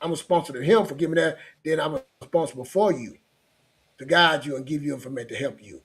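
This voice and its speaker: A man's voice: a little high, fast, fairly bright tone. A middle-aged man talking in a casual chat, earnest and rambling, often repeating himself.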